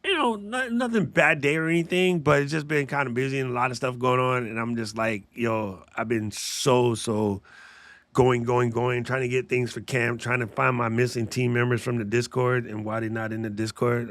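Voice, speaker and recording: A man's voice: medium pitch, fairly even intonation, moderate pace, fairly bright tone, dry recording. A man hosting a live podcast stream, chatting casually with slang, joking and often laughing. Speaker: podcast host. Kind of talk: casual livestream chat.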